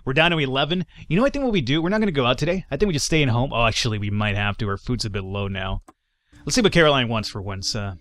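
A man's voice: medium pitch, lively intonation, rapid-fire, fairly bright tone, no room sound, faint music behind. Chatty man narrating a game. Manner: casual, chatty, does character voices for dialogue. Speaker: gaming YouTuber. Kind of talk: let's play commentary.

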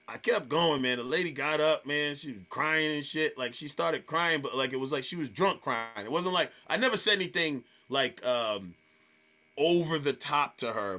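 A man, a comedian, telling stage stories in casual chat, swearing freely and acting out hecklers in loud voices. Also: medium pitch. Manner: animated storyteller, acts out hecklers in loud voices. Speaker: stand-up comedian guest.

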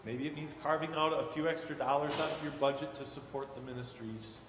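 A man's voice: a little high, fairly quick, noisy background. Man preaching in an echoey church. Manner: warm storytelling with animated quoted voices. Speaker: guest preacher. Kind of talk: sermon. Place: church sanctuary. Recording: echoey hall with long reverb.

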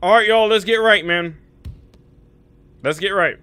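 A man live-streaming a game, chatting casually and profanely with his viewers, swinging from low muttering to loud excited outbursts. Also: a little slow, clear, resonant tone, no room sound. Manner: slangy and profane, talks to chat by name. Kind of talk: casual live-stream chat while gaming.

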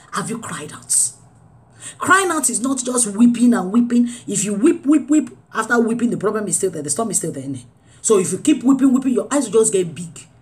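A woman preaching a sermon, swinging between loud urging and low, quiet lines.

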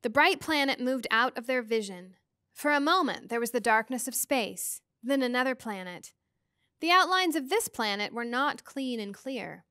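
Woman teacher, read-aloud narrator; expressive, measured, slightly high voice. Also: clean tone, no room sound, clean studio sound. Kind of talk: reading a novel aloud to students.

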